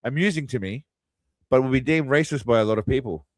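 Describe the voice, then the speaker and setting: A man's voice: mid-range voice, expressive, fast, dry recording. Man, sarcastic movie riffing, crude mocking asides, dry close sound. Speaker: host.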